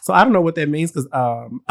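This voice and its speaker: Lively, teasing podcast co-host. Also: mid-range voice, vocal fry. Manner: teasing, lively, quick to laugh. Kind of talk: casual chat.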